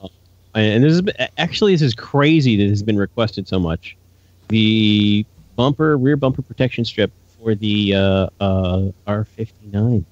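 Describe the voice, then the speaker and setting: Low-voiced easygoing man, dull dry sound. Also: moderate pace, a little mellow, dry recording. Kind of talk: casual podcast chat.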